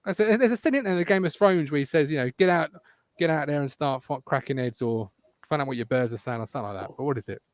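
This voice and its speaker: Teasing English podcast host, dry mic. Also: male voice, on the high side, fast talker, no room sound. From England. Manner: reads out listener comments, teasing and animated. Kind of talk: casual football podcast chat.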